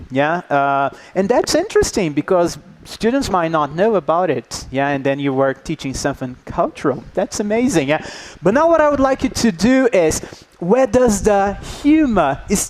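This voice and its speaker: A man's voice: on the high side, darkish tone. A man leading a teacher workshop, coaxing the audience and checking in with "yeah?" after nearly every point. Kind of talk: interactive workshop talk.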